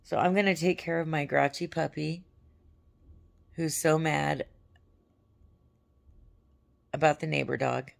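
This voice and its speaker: A woman's voice: deep voice, steady tone, slow pace, long pauses. Crackly-voiced woman chatting to camera. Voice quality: gravelly. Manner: chatty and rambling, with fillers. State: crackly, hoarse voice. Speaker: vlogger. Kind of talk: casual chat to camera. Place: at home on a couch.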